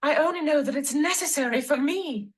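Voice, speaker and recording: An actress playing a young Victorian wife who speaks in a calm, firm, resolute way. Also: female voice, high-pitched, a little fast, natural voice, poor audio. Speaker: actress in a filmed play.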